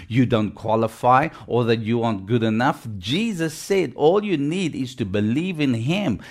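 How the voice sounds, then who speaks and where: A man preaching a sermon in an even middle voice. He is emphatic, repeats his phrases in a driving rhythm and calls on the congregation for responses. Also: mid-range voice. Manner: emphatic, call-and-response, repetitive.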